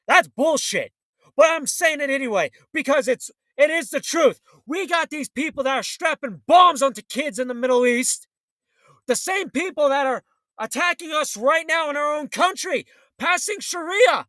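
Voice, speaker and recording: A man's voice: very high-pitched, animated, moderate pace, sharp tone, dry recording. A man hosting a political talk show, ranting in a fiery, blunt, combative way.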